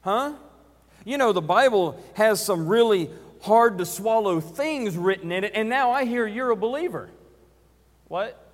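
A preacher putting on a flustered, defensive Peter who brushes off accusers with quick, high retorts. The voice rings through a reverberant hall. It is a sermon role with everyday acting. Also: male voice, expressive.

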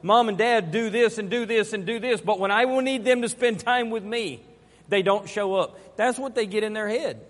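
High-voiced man preaching in a reverberant hall. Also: moderate pace. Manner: emphatic, repeats key phrases. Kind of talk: sermon.

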